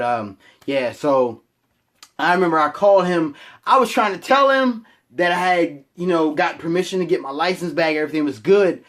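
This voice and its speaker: A man's voice: a little high, fairly bright tone. A young man telling a personal story to his camera in a rambling, profane, self-mocking way. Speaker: vlogger.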